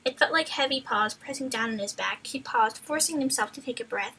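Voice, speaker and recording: A woman streamer reading a book aloud on a live stream, often breaking off to chat and joke. Her voice sits high and sounds bright. She rambles and stumbles over words as she reads. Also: fairly quick, breathy edge, rough recording. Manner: playful, chatty, loses her place in the text. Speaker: streamer, reader.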